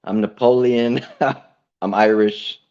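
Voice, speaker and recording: A laid-back man co-hosting a casual live podcast and laughing along. He speaks slowly at a middling pitch, and the recording sounds dull and lo-fi. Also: fairly even intonation, a little mellow, smooth.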